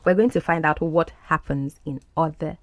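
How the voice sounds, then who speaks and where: A woman's voice: low voice, fairly even intonation, moderate pace, dry recording. A woman teaching English, explaining phrases from film clips in a patient, repetitive way. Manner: patient, explanatory, repeats words for practice.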